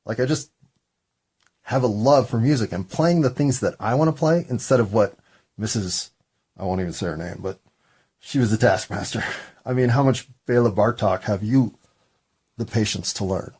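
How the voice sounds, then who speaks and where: A man's voice: on the low side, moderate pace, long pauses, darkish tone, breathy edge. A man in his fifties in a casual, rambling, self-deprecating solo monologue. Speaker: solo podcaster.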